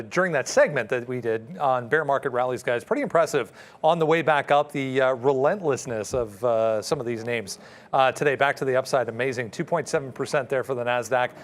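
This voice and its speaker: A man in a studio giving a calm, measured recap of the day's market. He pauses on fillers as he goes. His voice is mid-pitched. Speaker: market analyst co-host.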